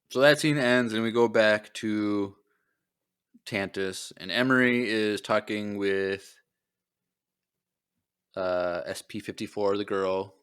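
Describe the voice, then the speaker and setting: A man co-hosting a podcast, recapping an episode in casual chat and acting out the characters' lines in quick put-on voices. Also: lowish voice, clear, resonant tone. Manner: animated retelling with quick voiced impressions. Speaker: podcast co-host.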